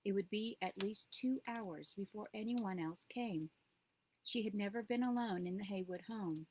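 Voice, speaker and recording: A woman narrates her own book aloud. Her pitch sits in the middle range, and her delivery stays steady and measured. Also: slight background noise, poor audio. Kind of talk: audiobook reading.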